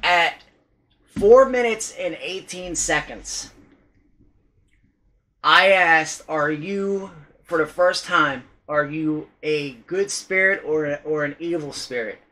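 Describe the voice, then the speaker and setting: A man's voice: fairly high pitch, takes it slowly, sharp tone, poor audio. A man vlogging casually about paranormal recordings, rambling and hesitant, with many restarts and some swearing. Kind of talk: casual vlog talk.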